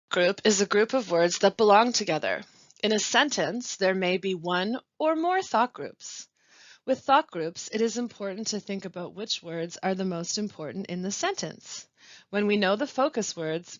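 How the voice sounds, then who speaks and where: Lively-voiced woman teaching pronunciation. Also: mid-range voice, no echo. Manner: slow, careful, deliberate delivery with clear pauses. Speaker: language support specialist. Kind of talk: scripted pronunciation webinar. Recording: dry, dull lo-fi voice-over.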